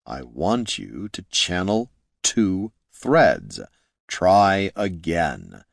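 Storybook figure: a man playing a cold wizard tutor, deep, slow, curt orders, dry sound. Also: creaky, dry recording, full character voice. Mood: stern. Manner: slow, flat, curt commands. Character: impassive stern male wizard teacher.

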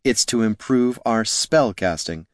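A man voicing a prickly, sharp-tongued young female mage who answers in a clipped, defensive way. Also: fairly low pitch, animated, unhurried, no echo, clean studio sound. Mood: irritated.

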